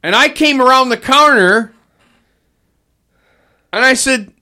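A middle-aged man hosting a casual podcast, spinning profane stories and acting out every quote. His voice sits high and climbs and dips widely. The tone is bright and forceful. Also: a little slow, pauses often. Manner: animated storyteller, profane, acts out quotes. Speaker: podcast host. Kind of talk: casual chat.

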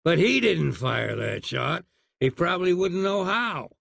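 A man's voice: fairly high pitch, very animated, unhurried, creaky, fairly bright tone, dry recording, pitched above the performer's own voice, heavily acted. A man voicing an exasperated, well-spoken young hero who talks with indignant precision in a storybook reading.

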